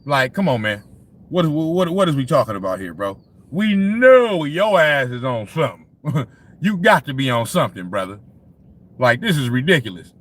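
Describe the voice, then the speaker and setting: Animated, laughing livestream sports ranter, a man. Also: mid-range voice, moderate pace. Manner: laughs often, heavy profanity, talks straight to the chat. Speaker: sports talk livestream host. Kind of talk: casual profane livestream rant.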